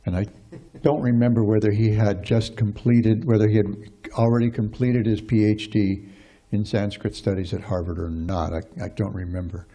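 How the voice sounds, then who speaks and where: A man with a low, gravelly voice gives a scripture class. His tone is dark and a little husky, and he rambles along with lots of fillers and restarts. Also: level tone, normal speed. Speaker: speaker giving a scripture class.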